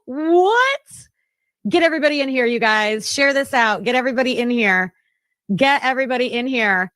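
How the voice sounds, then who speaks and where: High-voiced excited woman streamer. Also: normal speed, dry recording. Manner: breathless, exclaiming, reading news aloud. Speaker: livestream host. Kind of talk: excited live-stream chat.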